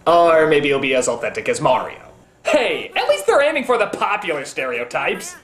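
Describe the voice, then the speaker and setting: A man giving a comedic film review, ranting and exasperated, breaking into shouts. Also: on the high side, wildly swooping pitch, moderate pace, echoey room, loud music behind the voice.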